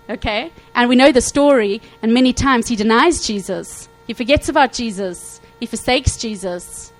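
A woman preaching a sermon to her congregation, animated, acting out Bible quotes and checking in often with her listeners. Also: fairly high pitch, normal speed, hardly any pauses, faint music behind, rough recording. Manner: animated, acts out quotes, frequent "okay?" check-ins.

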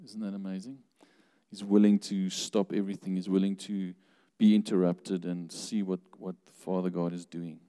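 A man's voice: sits low, flat delivery, moderate pace, warm tone, clear, resonant tone. Man preaching in a reverberant hall. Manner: conversational, asks the congregation questions, laughs often. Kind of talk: sermon.

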